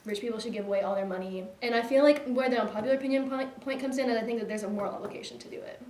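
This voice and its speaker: A woman's voice: on the high side, very fast, a little mellow, a little hiss or hum. A young woman co-hosting a casual chat show, rambling with lots of fillers and laughing easily. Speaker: co-host. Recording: echoey room, mic at a distance.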